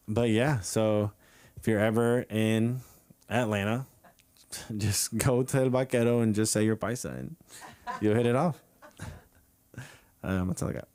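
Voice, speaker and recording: A man's voice: fairly low pitch, a little mellow, slight background noise. A young man doing stand-up at an open mic, telling a rambling story full of fillers and chuckling at his own lines. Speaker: stand-up comedian. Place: comedy club open mic.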